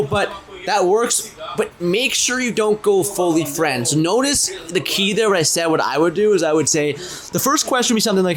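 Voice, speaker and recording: A man's voice: high-pitched, animated, a little fast, a bit bright. A man in his twenties co-hosting a casual podcast, talking animatedly, swearing and acting out his own pickup lines. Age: 20s. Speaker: podcast co-host.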